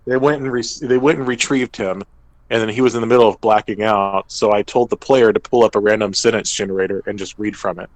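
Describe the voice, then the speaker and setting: Low-voiced man recapping a game session. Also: steady tone, fast talker, dry recording, poor audio. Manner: storytelling, acting out characters' lines briefly. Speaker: podcast co-host and game master. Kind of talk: casual recap of a tabletop game.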